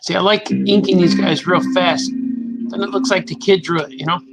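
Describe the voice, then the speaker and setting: A man's voice: sits high, steady tone, normal speed, creaky, loud music behind the voice, poor audio. A man casually chatting while he draws on a livestream, playful and reading viewer comments aloud. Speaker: cartoonist livestreaming his drawing. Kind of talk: casual chat while drawing.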